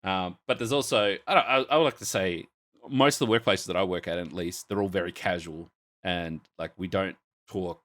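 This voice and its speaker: A man's voice: sits low, moderate pace. A man chatting casually on a podcast, swearing and laughing as he tells stories. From Australia. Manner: laughing, swearing, doing loud voices. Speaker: podcast co-host. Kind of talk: casual chat.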